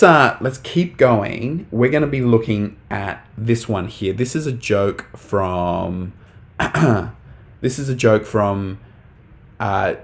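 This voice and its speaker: Young male teacher, lowish pitch, relaxed live-stream delivery, frequent ums. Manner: casual, talks to chat, many fillers. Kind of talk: live online English lesson.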